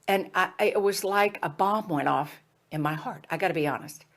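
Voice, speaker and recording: A woman telling a candid personal story in a chatty, animated way, full of fillers and restarts, frank and self-deprecating about herself. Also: fairly low pitch, brisk. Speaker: speaker sharing a personal story.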